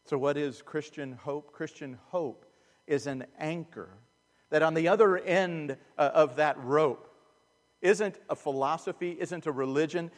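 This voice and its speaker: Pastor preaching in a reverberant hall. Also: male voice, on the high side. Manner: earnest preaching that swings from loud emphasis to hushed asides. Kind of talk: sermon. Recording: long reverb of a large hall.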